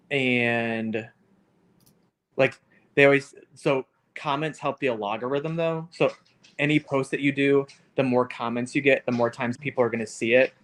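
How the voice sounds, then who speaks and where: A man co-hosting a casual livestream chat, rambling and leaning hard on fillers. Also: mid-range voice. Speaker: co-host.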